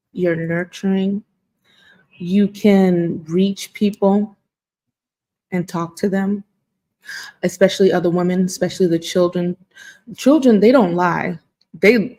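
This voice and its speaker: A woman with a lowish voice speaks as a guest on a casual panel. She sounds earnest and emphatic. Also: mellow.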